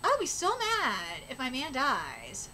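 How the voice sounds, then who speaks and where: Very high-voiced, emphatic woman streamer. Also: huge pitch swings, slow pace, pushed and bright, slight background noise. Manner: emphatic, swearing, repeats exclamations. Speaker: host reacting live to a manga chapter. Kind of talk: live reaction stream.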